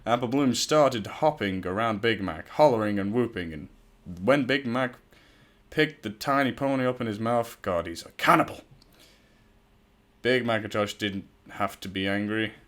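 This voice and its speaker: A man's voice: on the low side, moderate pace, a bit bright. A man casually reading a fan story aloud, stumbling over words and breaking off into profane, self-mocking asides. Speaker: fan fiction reader.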